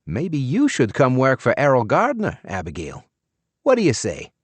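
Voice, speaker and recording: A man doing a smooth older tycoon. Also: mid-range voice, huge pitch swings, normal speed, no echo, voice pushed up.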